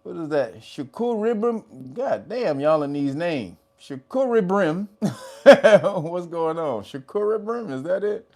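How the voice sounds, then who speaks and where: A man's voice: very animated, slow pace. A man hosting a casual livestream, greeting viewers by name, laughing often and swearing casually. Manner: rises to a high, loud laughing voice when teasing. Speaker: livestream host.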